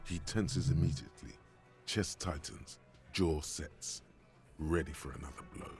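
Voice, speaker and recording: A gravelly inner voice, very deep and clipped. It narrates tense moments in short, terse phrases for a video game. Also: male voice, a little slow, a little mellow, faint music behind, heavily acted. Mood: ominous. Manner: terse, observing, describing.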